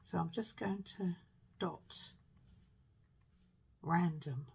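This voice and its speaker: A woman's voice: lowish voice, drawn-out words, vocal fry, darkish tone, husky, poor audio. A woman chatting through a card-making tutorial at her craft table, rambling and self-deprecating as she mutters to herself while she works.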